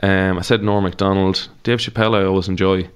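A man's voice: low voice, fairly even intonation, a little fast, clean tone. A man with an Irish accent, a comedian guest chatting casually on a podcast and telling stories with laughs and swearing. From Ireland.

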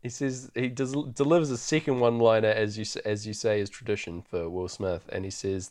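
A man's voice: on the low side, steady tone, brisk, few pauses, a little mellow. A man hosting a podcast, chatting loosely through a film recap and laughing often. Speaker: podcast host. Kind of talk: casual film recap chat.

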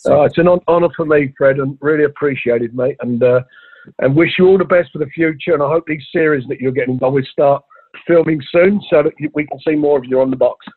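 A man's voice: a little high, fast, slightly rough, dry recording. A man hosting a podcast, joking and stammering in casual chat. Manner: joking, stammers over repeated words. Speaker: podcast host. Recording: tinny phone line with faint hiss.

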